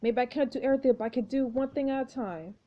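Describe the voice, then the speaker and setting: A woman's voice: high-pitched, quick pace, muffled recording, close to an everyday voice. A woman voicing an overwhelmed young man in a story game, talking in panicked, clipped bursts.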